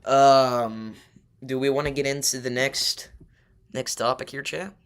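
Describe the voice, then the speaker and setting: A man's voice: mid-range voice, fairly even intonation, unhurried, clean tone. A young man hosting a livestream, talking loosely with his chat and arguing his opinions with plenty of fillers. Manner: loose and chatty, many fillers, argues weather takes. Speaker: livestream host. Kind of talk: casual livestream chat with viewers.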